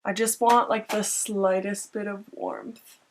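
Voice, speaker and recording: A woman's voice: mid-range voice, flat delivery, slow, a little hiss or hum. A young woman talking through a makeup tutorial in a chatty, self-mocking way. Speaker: beauty vlogger.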